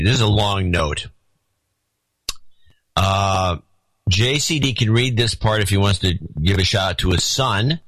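A man's voice: on the low side, fairly bright tone, no room sound, poor audio. A man co-hosting a podcast in casual chat, reading listener notes aloud with a dry, wry delivery. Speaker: podcast co-host.

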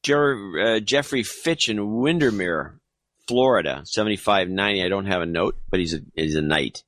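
A man with a lowish voice reads listener notes on a podcast, tossing in dry, wry asides. The sound is close and dead, with no room around it. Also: normal speed, a bit bright, no echo. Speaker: podcast co-host reading donations. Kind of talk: casual chat.

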